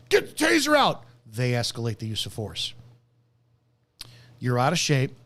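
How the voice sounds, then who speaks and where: A man who is a former police officer, hosting a live stream and delivering an angry, profane commentary rant. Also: mid-range voice.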